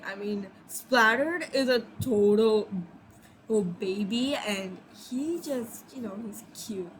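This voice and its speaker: Sleepy woman rambling through her own fan story, apologetic, fairly high voice, faint noise behind. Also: unhurried, rough recording. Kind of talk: casual fanfic storytelling.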